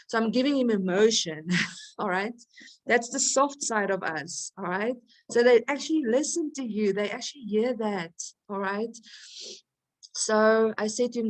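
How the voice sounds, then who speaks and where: A woman of middle age teaching a Christian women's class in a casual, talky way. She laughs often and keeps asking her listeners rhetorical questions. Her voice sits at an ordinary pitch for a woman. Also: normal speed, darkish tone. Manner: conversational, laughs often, asks rhetorical questions and checks with "okay?". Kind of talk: teaching a recorded lesson.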